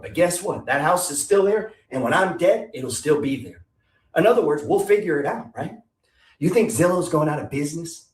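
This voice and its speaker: A middle-aged man giving a blunt, profane motivational talk on investing, full of rhetorical questions. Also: a little high. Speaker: investing coach. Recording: echoey room, distant from mic.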